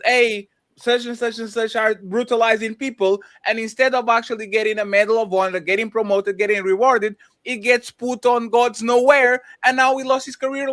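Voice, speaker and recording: A man's voice: extremely high pitch, a bit bright. A man co-hosting a casual discussion podcast, arguing his points animatedly with rhetorical questions. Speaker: podcast co-host.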